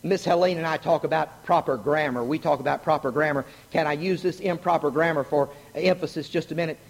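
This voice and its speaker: A middle-aged man preaching a sermon, animated and joking, asking the congregation questions. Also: on the high side, brisk, creaky, few pauses, slightly rough. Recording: long hall reverb.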